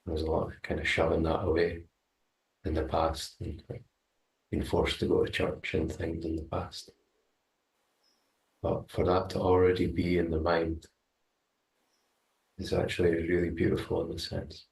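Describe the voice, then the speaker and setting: Male group participant, very low monotone with vocal fry, halting delivery, distant roomy pickup. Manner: hesitant, halting, searches for words. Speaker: student sharing in a group. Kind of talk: hesitant personal sharing. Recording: distant, echoey room mic.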